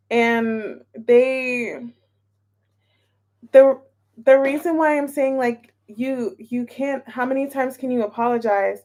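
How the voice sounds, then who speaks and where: A woman reads tarot in a loose, chatty way, her voice sitting a touch high. She takes her time and drifts between thoughts, often saying the same line twice. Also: a little mellow. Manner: chatty and scattered, repeats herself, greets chat viewers. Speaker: tarot reader. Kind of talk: casual live tarot reading.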